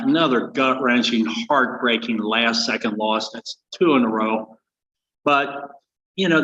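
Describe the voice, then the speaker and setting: A man's voice: medium pitch, fairly bright tone. Older man, folksy joke-telling, rambling fillers, echoey hall, muffled sound. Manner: rambling, many fillers and restarts. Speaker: guest speaker.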